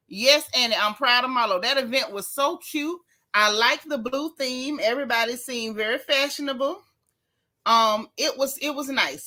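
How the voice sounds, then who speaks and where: Sassy chatty woman, bright voice. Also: fairly high pitch. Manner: sassy, chatty, Southern Black vernacular on purpose. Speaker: reality TV recap host. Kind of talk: casual gossip recap reading live chat.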